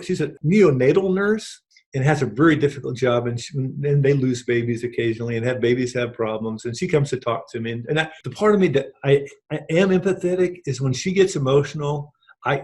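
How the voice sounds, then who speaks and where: A man's voice: mid-range voice, brisk, darkish tone. A middle-aged man gives an earnest, rambling personal testimonial, acting out quoted conversations along the way. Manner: earnest and rambling, with many restarts and acted-out quotes. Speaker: program participant giving a testimonial.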